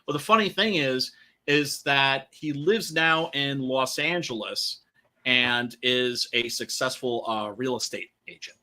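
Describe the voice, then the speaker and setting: A man's voice: mid-range voice, measured pace, bright, forceful tone. A man hosting a casual film podcast, rambling loosely with lots of fillers and swearing. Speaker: podcast host.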